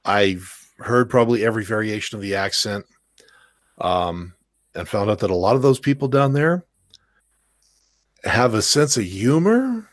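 A man's voice: on the low side, animated, unhurried, long pauses, no echo, clean studio sound. A man raised in the American South, telling stories on a casual livestream chat, with a lot of stammered restarts.

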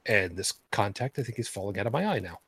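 A man hosting a live-streamed space discussion show, rambling and halting with many fillers and restarts. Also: fairly low pitch, expressive, sharp tone, breathy edge, dry recording. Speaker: podcast host.

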